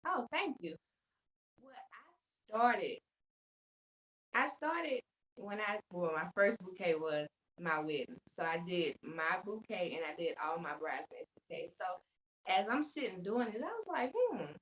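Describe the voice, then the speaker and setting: A woman's voice: fairly low pitch, expressive, measured pace, a bit bright, slight background noise, poor audio. Polite woman guest on a video call. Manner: polite, friendly, says yes ma'am. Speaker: guest, business owner. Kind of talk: casual interview answers.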